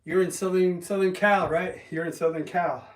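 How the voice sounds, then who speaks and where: Man, casual livestream chatter, rambly with restarts, slightly high voice, roomy and off-mic. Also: steady tone. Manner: rambling, halting with ums and restarts. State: resting an injured calf. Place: home, lifting weights while streaming. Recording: roomy, from a distance.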